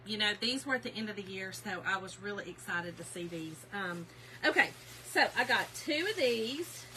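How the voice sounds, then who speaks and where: A woman hosting a casual craft haul livestream, chatty and excitable, greeting viewers by name. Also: mid-range voice, moderate pace, slight background noise, rough recording. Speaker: craft channel host.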